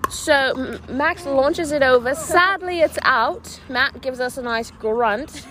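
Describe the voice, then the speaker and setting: A young woman giving fast, giggly play-by-play of a casual pickleball game outdoors. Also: high voice, noisy background. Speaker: amateur game announcer. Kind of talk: playful play-by-play commentary.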